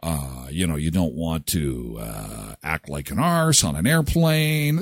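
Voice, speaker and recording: A man's voice: low-pitched, moderate pace, hardly any pauses, dry recording. Canadian guy hosting a morning show, chatty, voice bounces all over, dry close mic. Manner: chatty and animated, jumps into quoted voices. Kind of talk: casual live show chat with sponsor reads.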